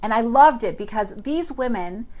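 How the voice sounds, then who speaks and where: A woman hosting a live online stream as a spiritual teacher, telling a personal story in an earnest, animated way and greeting viewers by name. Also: a little high, normal speed, low-quality recording.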